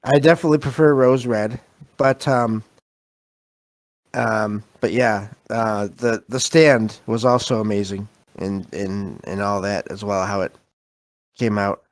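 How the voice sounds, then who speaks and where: A man's voice: on the low side, fairly even intonation, unhurried, no echo. A man hosting a paranormal call-in podcast, easygoing and repeating words as he talks. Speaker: podcast host.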